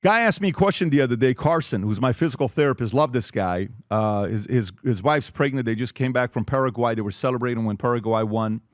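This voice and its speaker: A man's voice: mid-range voice, fast talker, few pauses, dry recording, studio quality. A man giving a motivational talk to fathers, blunt and emphatic, acting out family conversations as he goes. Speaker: speaker teaching fathers.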